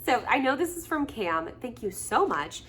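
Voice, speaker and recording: A bubbly woman vlogger gushes over the things she unboxes at home, her voice swinging high and low as she talks. She laughs often and chats along with plenty of asides, while a faint hiss sits under her voice. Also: moderate pace. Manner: gushing and excited, laughs often; chatty with frequent fillers. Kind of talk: casual chat, unboxing gifts.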